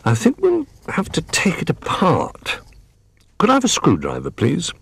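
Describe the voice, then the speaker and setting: A man voicing Bramwell, a knowledgeable, patient male toy bear who explains things gently, in a storybook reading. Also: a little high, huge pitch swings, unhurried, vocal fry, breathy edge, dry recording, pitched above the performer's own voice, exaggerated voice. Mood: thoughtful.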